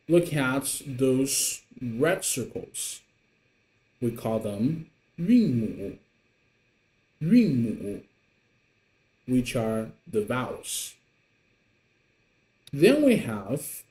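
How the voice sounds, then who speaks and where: A man teaching a beginner Mandarin lesson in English, patient and encouraging, showing the tones with his voice. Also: darkish tone. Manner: slow, patient, pitch swinging up and down to show tones. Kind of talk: online language lesson. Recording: echoey room.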